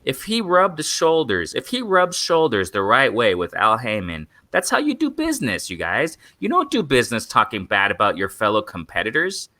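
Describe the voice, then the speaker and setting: A man's voice: mid-range voice, wildly swooping pitch, normal speed, few pauses, bright, forceful tone, no room sound. A young man hosting a live boxing stream, rambling and repeating himself as he keeps calling out to his viewers as "guys.". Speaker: boxing channel host. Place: in Mexico.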